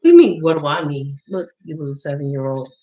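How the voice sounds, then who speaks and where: Fast-talking and dark in tone, a woman with a low voice hosts a casual tarot livestream over poor audio. She swears and laughs a lot as she bluntly tells stories, performing her past remarks in quoted voices.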